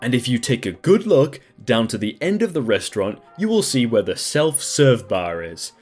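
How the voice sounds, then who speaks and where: Narrator doing a patient firm restaurant manager guy, lively tone, soft music behind. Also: mid-range voice, normal speed. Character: calm, firm male restaurant duty manager.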